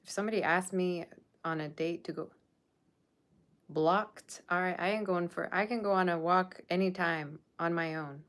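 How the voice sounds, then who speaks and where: A woman's voice: lowish voice, steady tone, moderate pace, fairly bright tone. A woman tarot reader talking casually to her viewers, blunt and sassy, scolding them about their standards. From Persian Russian background. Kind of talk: casual tarot reading monologue.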